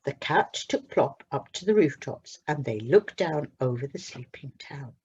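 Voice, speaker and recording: A woman reading a children's story aloud at a church service, with slow, expressive storytelling. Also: rumbling low, dull audio, a little hiss or hum.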